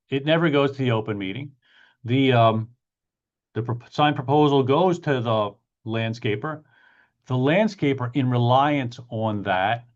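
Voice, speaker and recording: Emphatic male attorney, lo-fi stream. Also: mid-range voice. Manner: emphatic, repeats key points, acts out clients in quick asides. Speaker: attorney hosting a monthly Q&A. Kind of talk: casual explanatory talk answering chat questions.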